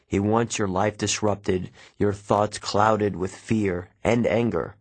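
A man voicing an older male centaur teacher, measured and gentle, in an audiobook. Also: lowish voice, fairly even intonation, dry recording. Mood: grave.

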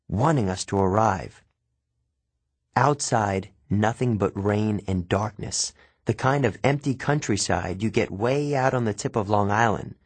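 A man reading first-person fiction as an audiobook narrator, plain and steady. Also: lowish voice, husky, no echo.

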